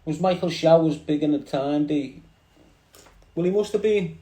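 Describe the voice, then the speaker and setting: A man's voice: on the high side, normal speed, warm tone. A man with a Liverpool accent hosting a casual livestream, rambling in street slang and talking straight to his viewers through a phone. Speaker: livestream host. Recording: echoey room.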